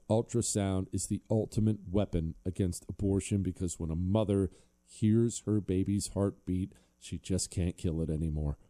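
A male talk show host giving a forceful, indignant political monologue and reading an ad. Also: low voice. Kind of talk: opinionated monologue with ad read.

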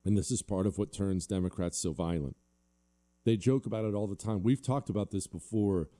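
A man's voice: fairly low pitch, brisk, warm tone. A male talk show host delivering a combative, sarcastic monologue and reading listener emails.

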